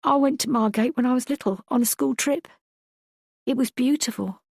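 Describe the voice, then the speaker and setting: Narrator lady doing a shy scared young mum, a bit higher and softer, dry close read. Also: moderate pace, creaky, dry recording. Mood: wistful. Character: frightened young mother, gentle and wistful.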